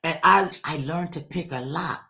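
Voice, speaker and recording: A man telling a childhood story in a relaxed chat, lively and at times dropping into a hush. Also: fairly high pitch, moderate pace, creaky. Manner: animated storyteller, drops into a hush at times, Southern-tinged vernacular.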